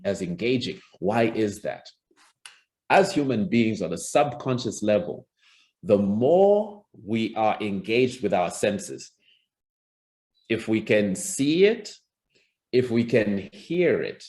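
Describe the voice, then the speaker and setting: Over a video call, a man coaches public speaking in a presentation skills lesson. His voice sits on the low side with a slightly mellow quality, and he chats casually, frequently restarting and performing sample lines.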